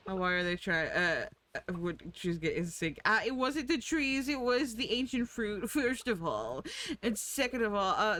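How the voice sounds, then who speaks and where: A woman's voice: mid-range voice, expressive, moderate pace, background noise. A woman streamer chatting casually while playing a farming game, swearing freely and cooing at her in-game animals. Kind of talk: casual gameplay chat.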